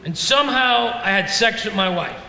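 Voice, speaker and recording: On a comedy club stage with a laughing crowd, a middle-aged man rants exasperatedly and mocks himself in his stand-up set. His high voice is expressive, creaky, bright and forceful at a moderate pace, and the room is echoey with reverb.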